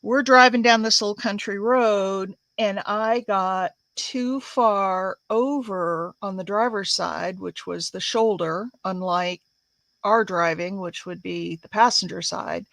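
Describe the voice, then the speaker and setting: A woman's voice: medium pitch, creaky, a bit bright, no room sound. A woman from the United States hosting a crafting livestream, telling a rambling story in a casual, chatty way with many fillers while she works.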